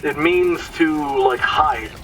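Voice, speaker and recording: A man's voice: a little high, slow, recorded from a distance, a crowd in the background, poor audio. A man giving casual, explanatory commentary over his gameplay, sometimes stumbling over words.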